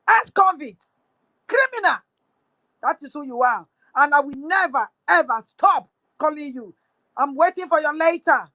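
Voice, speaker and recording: A woman's voice: high-pitched, bright, forceful tone, dry recording, poor audio. A woman with a Nigerian accent mixing in pidgin, angrily accusing someone in a live audio room. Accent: Nigerian English with pidgin. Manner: angry, accusing, repetitive. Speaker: speaker on a live audio space.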